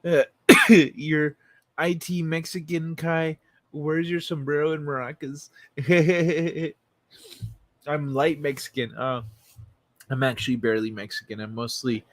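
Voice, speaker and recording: A man's voice: on the high side, steady tone, slow pace, a bit bright, dry recording. A man from Central America hosting a livestream, chatting casually and laid-back with viewers, often chuckling and swearing. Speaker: livestream host.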